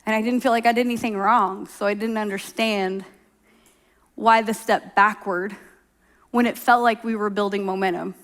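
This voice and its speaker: A woman's voice: mid-range voice, fairly even intonation, normal speed, a bit bright. A middle-aged woman from Oklahoma preaching a sermon in a conversational, storytelling way, acting out quoted voices. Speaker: pastor.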